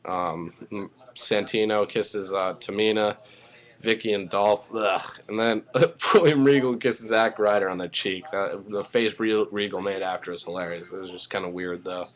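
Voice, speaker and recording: Excitable man rambling through a recap. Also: fairly low pitch, normal speed. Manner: rambling, excitable, swears freely. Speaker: wrestling show reviewer. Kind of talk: casual spoken recap.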